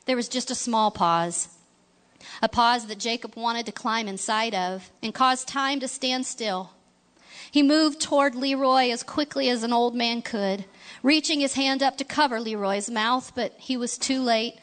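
A woman narrating a storybook in a gentle, expressive reading voice, now and then asking the listener questions. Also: a little high, unhurried.

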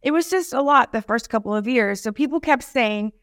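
A woman comedian telling her story as an interview guest, animated and self-deprecating, acting out the lines of people she quotes. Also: a little high, brisk, no echo, clean studio sound.

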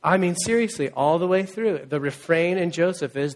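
A man's voice: a little high, normal speed. A man in his thirties preaching a conversational sermon, earnest, often asking the congregation for a reply. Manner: conversational, earnest, asks the crowd for replies. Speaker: pastor.

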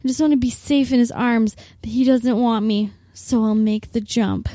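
Higher-voiced woman telling a comic daydream. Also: fairly even intonation, moderate pace, dark tone, no echo, studio quality. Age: 20s. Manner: self-mocking, rambling, heavy use of "like". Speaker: podcast host. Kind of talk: comedic solo storytelling.

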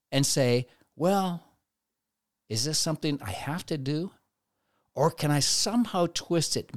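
A man's voice: on the high side, dry recording, clean studio sound. A man giving a conversational devotional talk, now and then acting out quoted inner voices. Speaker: preacher.

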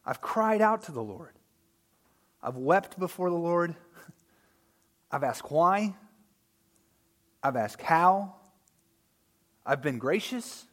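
A man preaching a sermon in a conversational way, often checking in with his listeners and swinging between loud emphatic lines and quiet asides. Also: a little high, lively intonation, slow pace, long pauses. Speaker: pastor.

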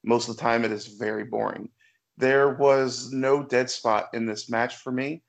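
A man with a mid-pitched voice talks casually as a podcast co-host. He explains his views in a measured, analytical way. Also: fairly even intonation, creaky. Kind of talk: casual chat.

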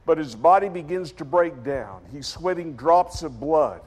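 A man preaching a sermon as dramatic storytelling, acting out scenes in character voices and swinging from shouts to quiet. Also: a little high, animated, unhurried. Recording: long hall reverb.

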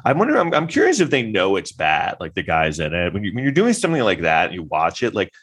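A man's voice: deep voice, wildly swooping pitch, fast talker, a bit bright, breathy edge. A man hosting a podcast, rambling through a mocking, casual commentary with many restarts. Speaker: podcast host.

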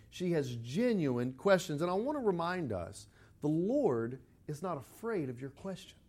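A man's voice: fairly high pitch, sing-song, a little slow, darkish tone. A middle-aged man preaching a sermon, conversational and rising to emphatic quotes of scripture. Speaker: pastor.

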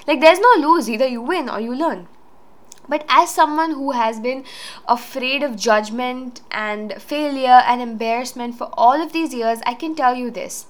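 A woman speaks on her own show in a loose, rambling way. She is earnest and full of fillers and restarts. Her voice sits a little high. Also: moderate pace. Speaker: podcast host. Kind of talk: casual solo talk.

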